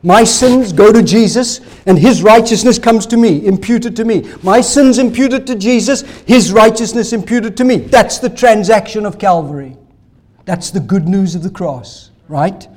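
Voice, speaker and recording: High-voiced man preaching a sermon. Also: normal speed. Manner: emphatic preaching, rhetorical questions, swings between loud and soft. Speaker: pastor.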